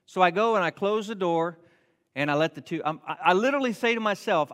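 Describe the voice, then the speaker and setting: A man preaching a sermon, telling a homey story in an animated, self-mocking way and slowing down to stress his points. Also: high-pitched, in a large hall. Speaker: pastor.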